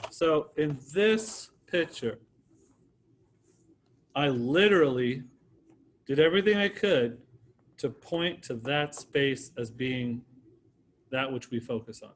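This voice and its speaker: A man's voice: mid-range voice, expressive, slow, pauses often, slight background noise. A man teaching an art class in an informal, encouraging way, calling on students by name.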